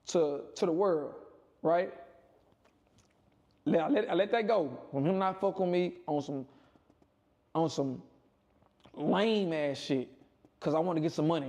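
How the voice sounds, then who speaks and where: A man casually telling a long personal story, rambling and repeating himself, with animated quoted voices. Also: a little slow, long pauses. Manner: rambling, repetitive, punctuates with "boom" and "right?". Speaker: storyteller in a played clip.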